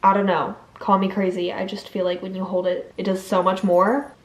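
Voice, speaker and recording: A woman's voice: mid-range voice, little pitch movement, normal speed. Chatty young woman vlogging. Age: young adult. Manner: chatty, playful, upbeat. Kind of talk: casual vlog chat. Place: home, then outdoors on errands.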